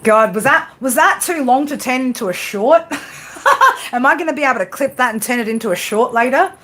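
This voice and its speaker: A woman's voice: sits high, animated, moderate pace, fairly bright tone. A woman hosting a casual livestream pep talk, blunt and swearing constantly, with frequent tag questions. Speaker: tarot reader and livestream host.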